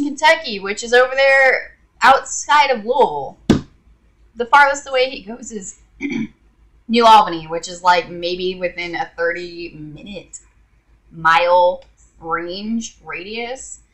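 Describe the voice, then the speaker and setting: A woman's voice: mid-range voice, a little slow, fairly bright tone. A woman vlogger telling an exasperated, sarcastic story to her viewers in a casual rant. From Indiana.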